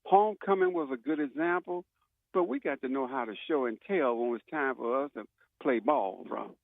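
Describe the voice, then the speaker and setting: A man's voice: mid-range voice, lively intonation, moderate pace, gravelly, no echo. A man calling in to a sports show, rambling in a folksy, hesitant way. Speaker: caller. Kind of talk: call-in comment. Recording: tinny phone line.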